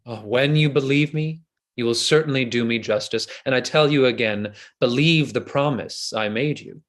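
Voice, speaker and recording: A man reading the part of a flattering, insincere noble seducer who makes flowery, ardent declarations, in a play reading over a video call. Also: mid-range voice, normal speed, lightly acted.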